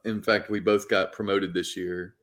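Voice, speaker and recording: Low-voiced man explaining trades. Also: flat delivery, normal speed, fairly bright tone. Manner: detailed, methodical explaining of trades. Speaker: podcast co-host. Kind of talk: casual podcast chat.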